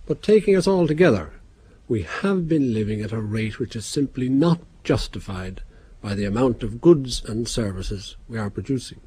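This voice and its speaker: A man giving a formal public address in a measured, grave manner. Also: mid-range voice, expressive, mellow, slight background noise.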